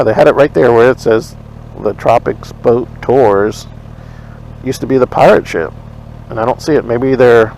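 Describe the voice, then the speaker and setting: This is a motorcycle vlog recorded outdoors on city streets, where a man casually rambles through the story of an argument, blunt and full of profanity. His medium-pitched voice is gravelly with a darkish tone. Poor audio carries faint street and traffic noise.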